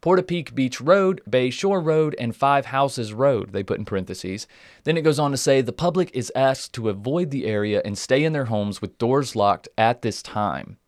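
Male host, mid-pitched, dry close sound, casual storytelling with joking asides. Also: animated, normal speed, dry recording. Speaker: podcast host. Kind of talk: casual podcast chat.

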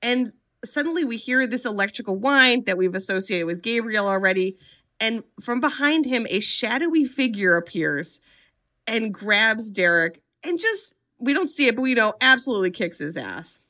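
A woman co-hosting a comedy podcast, recapping a horror film with lively storytelling and sarcastic asides. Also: fairly high pitch, normal speed.

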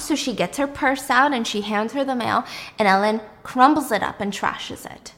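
A woman casually recapping a show, animated and acting out the quotes, with some swearing. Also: on the high side, brisk. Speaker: podcast host recapping a show.

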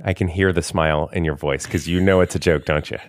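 A man co-hosting a podcast in easy, teasing banter, quick with a joke. His voice sits on the low side for a man. The recording is close and dry. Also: fairly even intonation, no echo. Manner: joking, teasing. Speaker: podcast co-host. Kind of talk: casual chat.

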